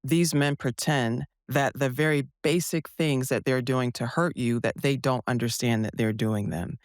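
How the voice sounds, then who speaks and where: A woman's voice: rumbling low, fairly even intonation, normal speed, no echo. Woman, therapist guest, passionate, emphatic, rhetorical questions, dry close sound. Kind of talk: casual podcast conversation.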